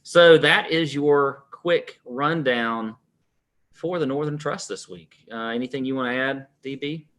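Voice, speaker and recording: A male podcast co-host with a bright, forceful tone. He rattles off course details and past results in a brisk, businesslike rundown for a casual fantasy golf chat. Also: medium pitch. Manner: runs through course facts in a brisk rundown.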